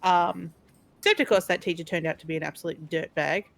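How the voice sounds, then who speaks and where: Bright-voiced woman chatting over a game. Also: fairly low pitch, fairly even intonation, fairly quick, gravelly. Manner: rambling, chatty storytelling with fillers. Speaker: streamer playing a retro game. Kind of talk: casual chat.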